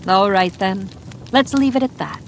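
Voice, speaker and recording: A woman voicing a wary, sharp-tongued woman who lives in the forest, blunt and teasingly wry, in a bedtime mystery audiobook. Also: mid-range voice, moderate pace, slight background noise, lightly acted.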